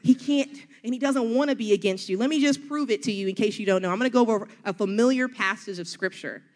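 A woman's voice: on the high side, quick pace. A middle-aged woman with a Southern US accent, preaching an earnest, encouraging sermon full of rhetorical questions.

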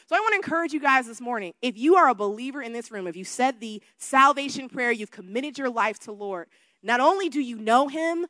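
A woman who is a worship leader preaching a sermon to a congregation, switching between soft talk and loud shouted emphasis. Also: on the high side, lively intonation, a little fast, no echo. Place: church room with a congregation.

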